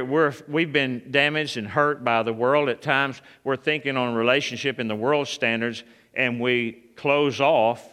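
A man's voice: medium pitch, fairly bright tone, smooth. A man preaching a sermon, calling out to the congregation and building to a fervent, raised delivery. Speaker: pastor.

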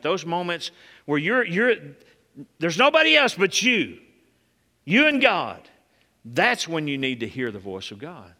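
A man's voice: big pitch swings, unhurried. Man preaching in an echoing hall. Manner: emphatic, rises loud and high on key points, drops soft and low for quiet moments; calls out to the congregation. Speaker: pastor. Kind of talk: sermon. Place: church sanctuary. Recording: long hall reverb.

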